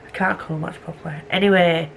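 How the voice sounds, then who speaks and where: A woman's voice: on the low side, fairly even intonation, fast talker, creaky, a little hiss or hum. A young woman vlogging casually at home at night, rambling and self-mocking as she drifts off on tangents. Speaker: book vlogger. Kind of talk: casual vlog chat.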